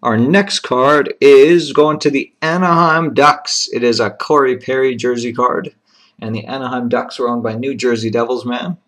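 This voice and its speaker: A man hosting a trading card box break, steadily announcing each card, who it goes to and its serial number, with brief quiet asides of admiration. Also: medium pitch, normal speed. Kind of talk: live card-opening commentary.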